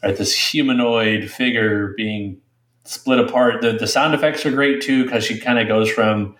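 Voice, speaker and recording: A man's voice: on the low side, steady tone, moderate pace, a bit bright. A man co-hosting a movie podcast, reacting with unease in casual talk, sometimes hesitant. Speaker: podcast co-host. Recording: roomy echo.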